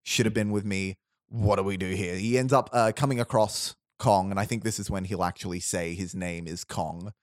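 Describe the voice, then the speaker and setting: A man whose voice sits low and whose intonation stays fairly even hosts a podcast, pitching a film idea through a long, rambling story. He restarts often, laughs a lot and adds quick asides, and the clean studio sound has no echo.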